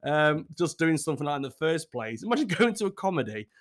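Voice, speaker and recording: A British man hosting his channel, chatting casually to his viewers in a jokey, sarcastic and sweary way, with loud outbursts and muttered asides. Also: a little high, big pitch swings, fast talker. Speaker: channel host.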